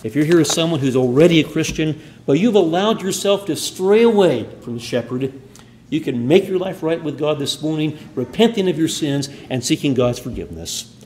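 Earnest male preacher, rather high. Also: expressive, normal speed, slight background noise. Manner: earnest preaching, rising emphasis then dropping to soft quiet endings. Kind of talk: sermon. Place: church.

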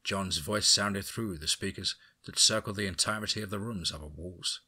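A man's voice: low-pitched, moderate pace, bright, forceful tone, husky. A man narrating a horror story aloud, then chatting enthusiastically to his listeners. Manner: enthusiastic, effusive.

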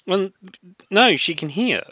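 A man chatting as a regular guest, telling stories in an animated way and acting out the sounds. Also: high voice, takes it slowly, dry recording, dull audio. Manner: animated storyteller, acts out sounds and laughs. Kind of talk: casual chat.

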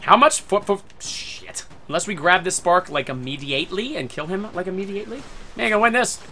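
Guy yelling at his game, swears constantly, bright voice that jumps all over. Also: high voice, brisk, slight background noise. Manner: excitable, swears often, bursts into shouts; talks to himself and his teammates. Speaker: gaming video creator. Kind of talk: live gameplay commentary.

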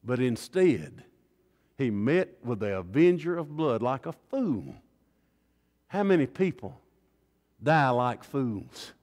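A man preaching a revival sermon, swinging dramatically between hushed tones and loud cries. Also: mid-range voice, very animated, slow pace, long pauses. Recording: long reverb in a large hall.

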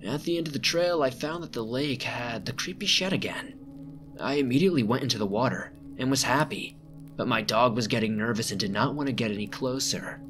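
A man reading out a first-person scary camping story as a narrator, measured and slowing down at the tense moments. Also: medium pitch, over music. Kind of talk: scripted narration.

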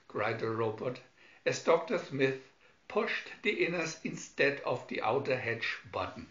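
Slow, deliberate male storybook reader. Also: medium pitch, lively intonation, a bit bright. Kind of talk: storybook narration. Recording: echoey, dull home recording.

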